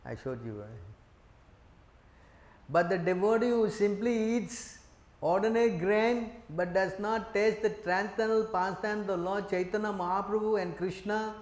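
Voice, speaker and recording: A man in a preaching voice, pitched a little high, who keeps asking his audience questions and acts out the lines he quotes. He is recorded in an echoey room. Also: normal speed. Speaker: preacher giving a scripture class. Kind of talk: sermon.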